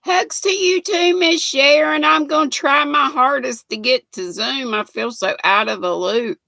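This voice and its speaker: A woman's voice: high-pitched, a little slow, creaky, sharp tone, no room sound. An older woman hosting a casual livestream, chatting with viewers by name and reading trivia aloud. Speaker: livestream host.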